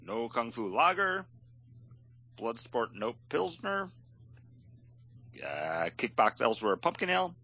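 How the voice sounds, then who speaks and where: A man voicing a gruff old male bartender, speaking slowly and deadpan. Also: mid-range voice, dull audio, exaggerated voice.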